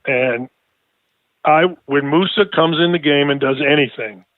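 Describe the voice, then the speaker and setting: A talkative middle-aged man tells stories over a thin, phone-like line. His voice sits a little high for a man and sounds close and dry. He repeats his words and laughs easily as he goes. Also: unhurried, no echo. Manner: animated storytelling, laughs a lot, repeats words. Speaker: guest, sports radio host. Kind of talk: casual podcast conversation.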